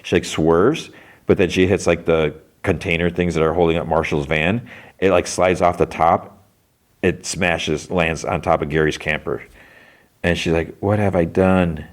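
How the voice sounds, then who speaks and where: Deep-voiced man rambling through a recap. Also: steady tone, normal speed. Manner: rambling, lots of "like" fillers. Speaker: podcast host. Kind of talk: casual episode recap.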